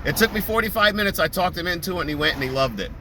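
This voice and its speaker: A man's voice: high-pitched, animated, very fast. A man chatting casually while driving in traffic, laughing and telling stories with quoted voices. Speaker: vlogger. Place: car in traffic. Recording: car and road noise. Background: traffic noise.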